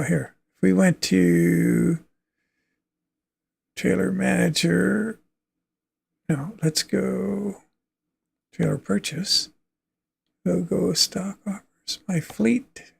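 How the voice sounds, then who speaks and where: A man's voice: sits high, takes it slowly, vocal fry, pauses often, breathy edge. A man from Canada hosting a livestream, chatting casually and thinking aloud as he plays a trucking game, with easy chuckles. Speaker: livestream host.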